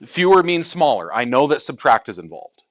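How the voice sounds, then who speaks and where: A man's voice: mid-range voice, sing-song, moderate pace. A male math teacher teaching a class in a classroom, joking with students and asking rhetorical questions.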